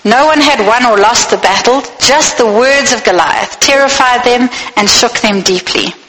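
A woman's voice: on the high side, normal speed, a bit bright. A woman preacher giving a sermon, earnest and asking her listeners direct questions, in a space with long reverb.

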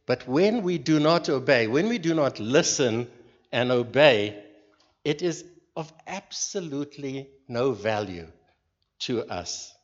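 A man leading a church group, giving an informal sermon in a slow, earnest way and putting questions to the listeners. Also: mid-range voice, animated. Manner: slow, earnest, pauses between phrases. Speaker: leader of a church group meeting. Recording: dull recording with long hall reverb.

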